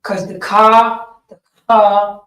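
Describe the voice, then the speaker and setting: A man's voice: high-pitched, level tone, extremely slow, pushed and bright. Slangy man teaching in an echoey hall. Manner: loose, repetitive, slangy street talk. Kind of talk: casual Bible class explanation. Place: meeting hall. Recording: roomy echo, speaker far from mic.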